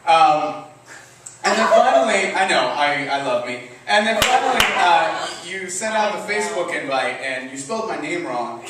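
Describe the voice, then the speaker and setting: A man's voice: fairly high pitch, moderate pace, background noise. A man from Mexico with a Mexican accent, telling a self-mocking story on a comedy stage. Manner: animated, self-mocking, laughs at own jokes. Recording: echoey stage recording from a distance, faint ambience.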